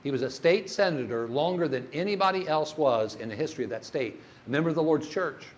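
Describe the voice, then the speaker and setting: A man's voice: fairly high pitch, expressive, fast talker. Folksy grief-workshop speaker, older man. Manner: folksy storytelling, asks the audience questions. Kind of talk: church workshop talk.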